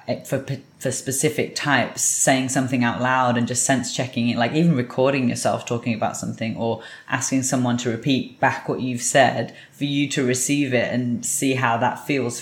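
A podcast guest giving thoughtful, steady advice in a casual chat. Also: medium pitch, normal speed, hardly any pauses. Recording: roomy echoing sound.

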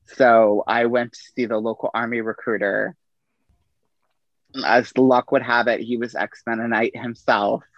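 Gravelly-voiced man telling stories. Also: medium pitch, unhurried, dry recording, highs cut off. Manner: relaxed anecdotal delivery with quoted dialogue. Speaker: podcast guest, army veteran. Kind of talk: casual storytelling.

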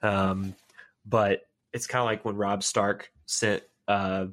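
A man co-hosting a casual fan podcast, retelling scenes excitedly with lots of filler words. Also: on the low side, slow pace. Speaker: podcast co-host.

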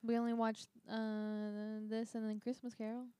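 Female podcast co-host, higher pitch, blunt casual delivery. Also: little pitch movement, normal speed, mellow, clear, resonant tone, no echo. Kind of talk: casual chat.

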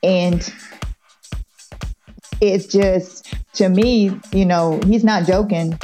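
A woman co-hosting a casual sports chat, speaking in a soft-spoken, hesitant way. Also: fairly low pitch, fairly even intonation, drawn-out words, soft background music. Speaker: co-host.

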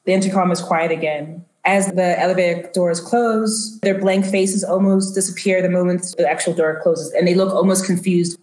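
A woman's voice: fairly low pitch, darkish tone. A woman narrating a tabletop role-playing game as game master, with a loose, descriptive manner full of fillers. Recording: roomy echo.

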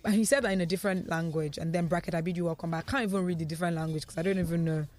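A woman's voice: fairly low pitch, fairly even intonation, racing, a little mellow, soft background music. Chatty woman radio host reading comments. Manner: chatty, laughs easily. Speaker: radio talk show host. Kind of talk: reading listener comments on air. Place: radio studio.

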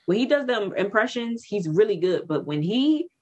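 Husky, animated young-sounding woman. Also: normal speed, dull audio. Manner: blunt, animated, swears freely, voice jumps high when heated. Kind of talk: casual chat.

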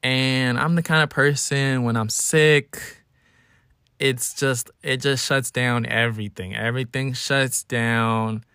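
A young man in his twenties talks through a solo podcast episode, animated and storytelling. He now and then slips into exaggerated whiny bits. His voice sits at a middling pitch and is recorded dry and close. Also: slow pace, smooth, no room sound. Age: 20s. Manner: animated storytelling, acting out his own whining. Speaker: podcast host. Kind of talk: casual solo podcast monologue.

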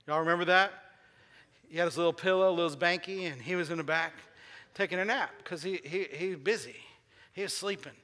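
A man gives a sermon as pastor of a church sanctuary, his high voice brisk, pushed and bright. Questions to the congregation and repeated key phrases give his points emphasis, and the recording has a large hall's long reverb.

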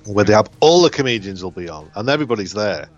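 A man with a lowish voice guests on a podcast over a call. He talks in a rambling, hesitant way and stumbles over repeated words. Faint music sits in the background. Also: animated, fast talker, dull audio. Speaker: comedian guest. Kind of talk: casual chat on a call. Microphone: call over the internet.

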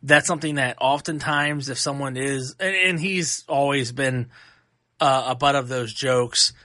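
A man hosting a podcast, giving a casual and animated movie review full of fillers and restarts. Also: medium pitch, measured pace, no echo, studio quality. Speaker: podcast host.

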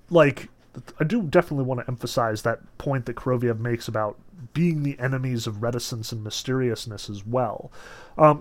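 A man giving a casual lecture on a novel, talking in a chatty way with many filler words and restarts, and leaning on his key points with emphasis. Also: medium pitch. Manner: emphatic when stressing points. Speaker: literature lecturer. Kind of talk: casual lecture on a novel, reading passages aloud.

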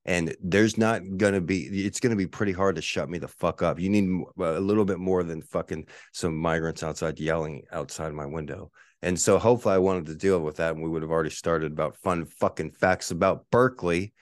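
A man with a very low, deep voice hosts a solo podcast from his apartment, talking nonstop in a profane, ranting way. The sound is dry and close, with no room echo at all. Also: steady tone, brisk. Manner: ranting, profane, mocking the neighbors in shrill voices. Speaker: podcast host. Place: one-bedroom apartment.

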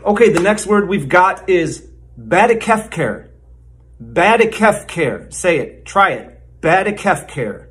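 A man doing a mock lesson for children, slowly spelling out made-up words like a patient teacher. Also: high voice, sing-song, a bit bright. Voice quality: slow, exaggerated teacher-like enunciation. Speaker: comedy sketch narrator.

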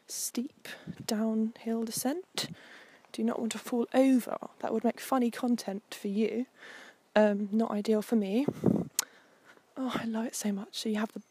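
A woman's voice: a little high, mellow, a little hiss or hum. A young woman hosting a walk, narrating casually outdoors on a coastal path in a chatty, meandering way with frequent ums. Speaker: host. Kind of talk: casual narration while walking.

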